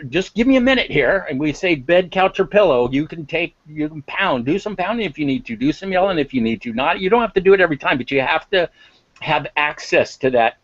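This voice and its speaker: A man's voice: on the high side, animated, fairly quick, dry recording, dull audio. A man speaking as an interview guest on emotional intelligence, impassioned and emphatic, repeating words for stress. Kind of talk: interview talk.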